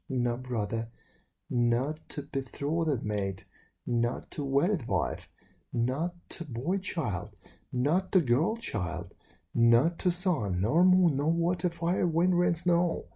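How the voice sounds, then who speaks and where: A man voicing a cold, ghostly snow woman who speaks slowly and solemnly, chanting her commands. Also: medium pitch, vocal fry, mellow, slightly rough, exaggerated voice.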